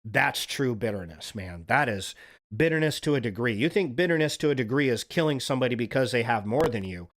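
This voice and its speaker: A man's voice: mid-range voice, lively intonation, a little fast, a bit bright. A man hosting a livestream, talking in a casual, earnest, rambling monologue and swearing now and then. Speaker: livestream host.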